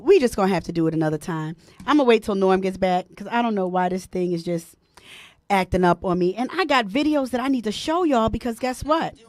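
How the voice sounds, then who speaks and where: A woman hosting a casual live stream, animated and laughing often, greeting viewers by name. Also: mid-range voice, brisk, no room sound. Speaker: host.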